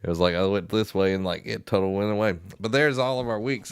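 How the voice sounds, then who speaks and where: A young man with a low, deep voice and a Southern American accent talks loosely on a podcast, full of fillers and easy laughter. His voice is smooth and clear. The sound is dry and close, with no room echo. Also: quick pace. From Southern United States. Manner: rambling storyteller, many fillers, laughs easily. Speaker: podcast co-host and school band director. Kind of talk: casual podcast chat.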